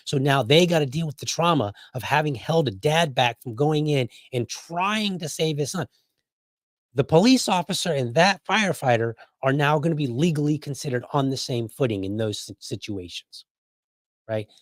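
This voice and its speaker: A man's voice: medium pitch, no room sound, clean studio sound. A man hosting a podcast, giving casual political commentary with conversational hyperbole and frequent asides. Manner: conversational, hyperbolic, keeps asking "right?". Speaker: podcast host.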